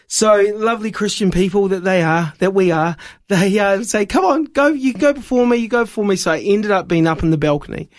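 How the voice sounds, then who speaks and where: A New man with a notably high voice tells a story at full tilt. He mocks himself as he goes and acts out the other people in it. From New Zealand. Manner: lively, self-mocking storyteller. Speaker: evangelist guest. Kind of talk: animated storytelling.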